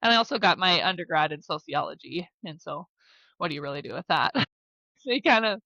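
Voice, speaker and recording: Midwestern woman, 30s, podcast guest; bright, chatty, filler-heavy storyteller; dry, slightly dull mic. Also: on the low side, lively intonation, a little fast, creaky, no room sound. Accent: American Midwest. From South Dakota, USA. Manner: chatty, lots of "like" and "you know", laughs easily. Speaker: podcast guest, former basketball player and therapist. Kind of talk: casual interview storytelling.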